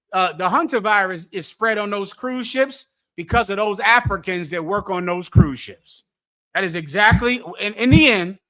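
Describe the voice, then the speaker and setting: Preacher, male, high bright voice, mocking and scolding, fiery sermon delivery.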